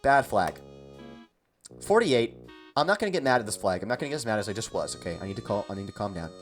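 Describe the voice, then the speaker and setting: A man's voice: lowish voice, sing-song, fast, faint music behind. A young man delivering a mock-outraged comedic rant, exasperated and repeating himself for effect. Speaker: comedy video host.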